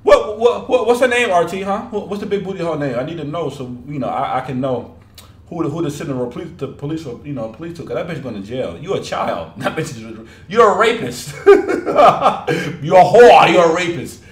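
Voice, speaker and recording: Guy reacting to a rap video, high voice jumping all over, keeps cracking up, echoey room. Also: lively intonation, brisk. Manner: laughs often, loud incredulous outbursts, profane. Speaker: music reaction host. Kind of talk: casual reaction commentary.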